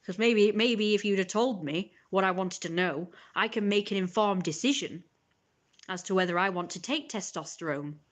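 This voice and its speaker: A woman's voice: medium pitch, normal speed. A woman streamer in a casual, rambling rant, sarcastic and indignant, often breaking off to cough or laugh. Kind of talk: casual ranting monologue.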